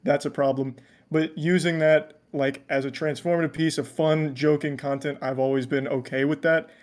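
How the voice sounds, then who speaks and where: Blunt man with a slightly high voice. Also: steady tone, normal speed. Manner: blunt, opinionated, joking. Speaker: guest streamer. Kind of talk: casual chat.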